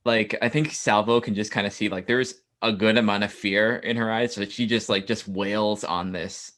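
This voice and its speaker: A man's voice: lowish voice, steady tone, normal speed, fairly bright tone. A man playing a tabletop role-playing game, describing his character's actions in a hesitant way, with many fillers. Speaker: player. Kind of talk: casual tabletop play.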